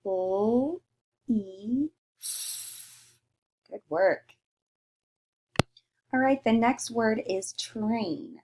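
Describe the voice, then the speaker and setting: A woman teaching a recorded lesson to young children. She speaks slowly and carefully, sounding out each letter. Her pitch swoops up and down in an animated, sing-song way.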